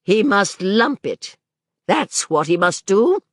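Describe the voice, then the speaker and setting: A woman voicing a blunt, stern older female governess in an audiobook, delivering her judgments slowly and with heavy emphasis. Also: mid-range voice, big pitch swings, no echo, clean studio sound, pitched above the performer's own voice. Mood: emphatic. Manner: slow, weighty, emphatic pronouncements. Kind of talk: audiobook character voice.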